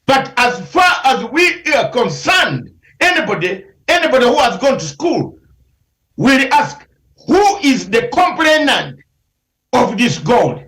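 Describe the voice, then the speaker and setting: A man's voice: very high-pitched, sing-song, unhurried, a bit bright, roomy sound, low-quality recording. A man, a lawyer, arguing combatively in a heated news interview, firing rhetorical questions and raising his voice at times.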